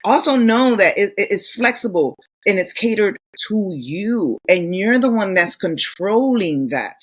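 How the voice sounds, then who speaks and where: A middle-aged woman co-hosting a podcast, talking bluntly and cursing freely as she tells stories in a casual chat. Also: medium pitch. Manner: blunt, profane, animated storytelling. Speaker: podcast co-host.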